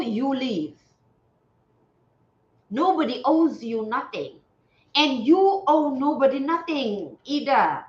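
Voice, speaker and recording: A woman from Gambia hosting a spiritual livestream, talking in an earnest, preachy way and repeating phrases for emphasis. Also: fairly high pitch. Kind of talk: casual livestream talk. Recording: roomy, dull lo-fi sound.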